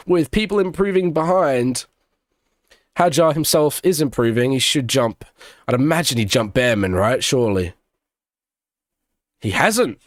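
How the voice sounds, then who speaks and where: A man's voice: medium pitch, expressive, moderate pace, dry recording, clean studio sound. Chatty man calling a race stream. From Australia. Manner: chatty, banters with chat between race calls. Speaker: streamer doing live watch-along commentary. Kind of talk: casual live-stream race commentary.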